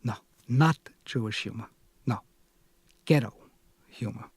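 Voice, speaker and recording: A man's voice: mid-range voice, unhurried, slightly rough, no echo. A man reading as a blunt, scolding young woman.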